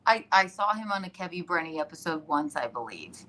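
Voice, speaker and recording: A woman hosting a casual live stream from her iPad, telling stories in an excitable, rambling way and laughing often. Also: low-pitched, fairly quick, slight background noise.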